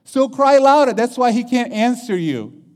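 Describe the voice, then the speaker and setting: A man's voice: very high-pitched, animated, normal speed, in a large hall, voice pushed up. A man voicing a bold male prophet who taunts and mocks his rivals with sarcasm. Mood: mocking.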